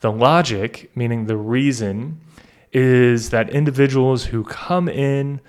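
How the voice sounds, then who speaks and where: A man tutoring through a practice test, thinking aloud, reading sentences deliberately and correcting himself as he goes. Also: medium pitch, darkish tone, clean tone. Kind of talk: casual walkthrough of a practice test.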